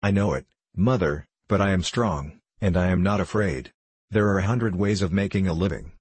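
A man's voice: low voice, moderate pace, slightly rough, dry recording. A man voicing a modest, brave fourteen-year-old boy in a storybook reading, speaking plainly and earnestly.

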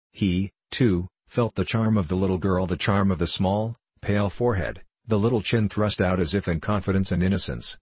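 A man narrates a novel in a steady, measured reading. His voice is very low and husky. The recording is close and dry. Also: dry recording. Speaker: audiobook narrator. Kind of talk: scripted narration.

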